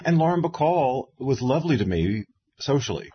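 This interviewer and author, a man in his fifties, tells stories casually and brings them to life by mimicking the people he quotes. He speaks at medium pitch and a moderate pace with a breathy edge, in a lo-fi recording.

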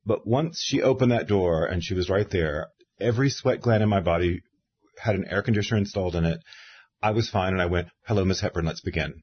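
A man in his fifties, an interviewer and author, tells stories in casual conversation, animatedly mimicking the people he quotes. His voice is deep with a breathy edge and moves fairly quickly, and the sound is lo-fi.

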